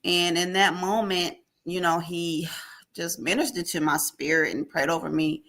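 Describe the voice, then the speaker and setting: A woman guest in an interview, telling an emotional personal testimony with animated storytelling and acted-out dialogue. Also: fairly low pitch, normal speed. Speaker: podcast guest.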